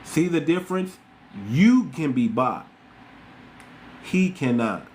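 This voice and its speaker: A man's voice: a little high, animated, takes it slowly, darkish tone, slight background noise. A man hosting a podcast, giving blunt, repetitive commentary straight to his listeners. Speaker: podcast host. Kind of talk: casual commentary monologue.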